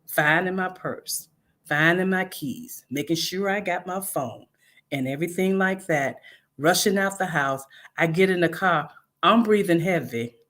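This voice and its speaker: A middle-aged woman hosting a casual faith-based motivational talk, telling stories in an animated, playful way with bursts of laughter. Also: on the low side. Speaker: host, inspirational speaker.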